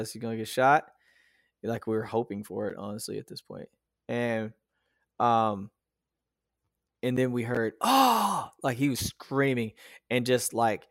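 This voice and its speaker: A man in his thirties tells a raw personal story in a casual podcast chat, swearing freely and restarting his sentences as the memory comes back. His voice sits at a medium pitch and sounds dry and close, with little room around it. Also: no room sound. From United States. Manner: emotional, profane, many fillers and restarts. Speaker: podcast guest.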